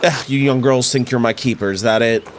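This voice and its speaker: A man's voice: medium pitch, fairly even intonation, a little fast, slight background noise, close to an everyday voice. Man reading a stubborn, grieving old father for a game stream, grumbly. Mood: grumbling.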